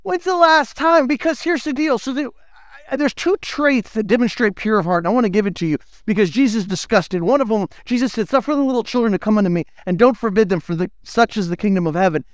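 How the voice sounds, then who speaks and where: A man, preaching a sermon in an animated, playful storytelling way. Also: high voice, fast, no room sound, studio quality. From United States. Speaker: pastor.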